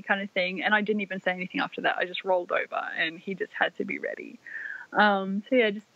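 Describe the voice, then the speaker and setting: A young Australian woman, a podcast guest, telling a personal story in a soft, rambling way full of "like" fillers. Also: medium pitch, steady tone, fast, vocal fry, dry recording. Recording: dry, slightly dull lo-fi audio.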